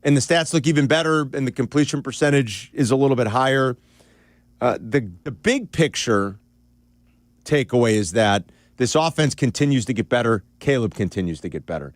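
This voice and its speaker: Casting: lively radio sports host, frank and opinionated, dry studio sound. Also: male voice, mid-range voice, moderate pace, no room sound. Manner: animated, candid analysis with asides. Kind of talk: casual sports talk. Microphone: studio broadcast mic.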